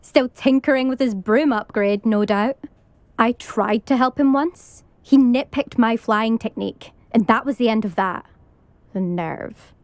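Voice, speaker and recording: Woman voicing a smug sporty girl captain in a video game, taunting, kinda high, dry close sound. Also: unhurried, no room sound, natural voice. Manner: brash, taunting. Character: cocky young female Quidditch captain. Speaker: student rival.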